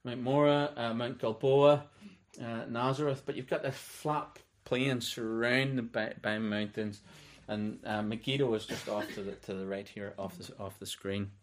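A man giving a relaxed, unscripted Bible teaching, reading verses aloud as he goes. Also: medium pitch, a little slow, a little hiss or hum. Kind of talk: conversational sermon.

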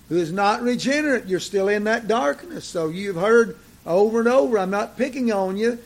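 An older man preaching a sermon to his congregation, deliberate and repetitive, with occasional fillers. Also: sits high. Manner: slow, deliberate preaching with repeated phrases and fillers.

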